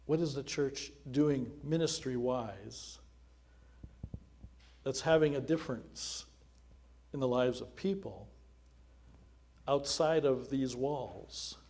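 A man's voice: medium pitch, expressive, takes it slowly, gravelly, long pauses, a little hiss or hum. Earnest male pastor praying. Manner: earnest, prayerful, varying loudness. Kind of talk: spoken prayer in a church service.

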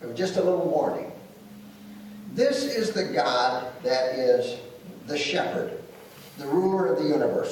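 A man preaching a sermon as pastor, telling folksy stories and making emphatic declarations. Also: a little high. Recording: echoey room from far off with faint noise.

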